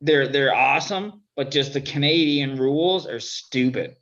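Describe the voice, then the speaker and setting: A man's voice: medium pitch, moderate pace, a bit bright. A man chatting casually on a video call, laid-back, swearing now and then and trailing off into mumbles. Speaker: guest on a video-call chat show. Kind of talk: casual chat. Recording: dull lo-fi video call audio.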